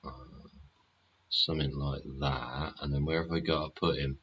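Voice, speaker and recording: A man hosts a live stream in a very deep voice. He talks casually and sardonically, swears freely and keeps asking the viewers rhetorical questions. A faint hiss runs under the recording. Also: steady tone, moderate pace, dull audio. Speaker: livestream host.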